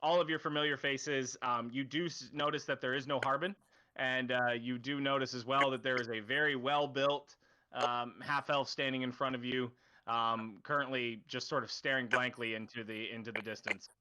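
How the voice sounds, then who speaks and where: Bright-voiced man running a tabletop game. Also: medium pitch, steady tone, normal speed. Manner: rambling, many fillers. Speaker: game master. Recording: dull lo-fi recording.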